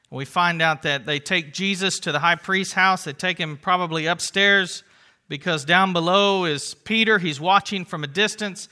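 A man preaching a sermon in a conversational way, retelling the story with lively asides to the congregation. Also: sits high.

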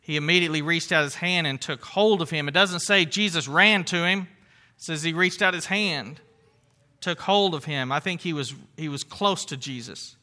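A man's voice: on the high side, normal speed, sharp tone. A middle-aged man preaching a sermon in an earnest, conversational way, with asides and restarts as he works through the story.

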